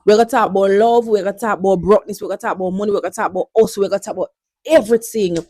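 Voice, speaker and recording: A woman's voice: medium pitch, very fast, darkish tone, dry recording, studio quality. Chatty Jamaican woman in her twenties. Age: 20s. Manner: chatty, playful, switching languages, laughs often. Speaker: vlogger. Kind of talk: casual chat.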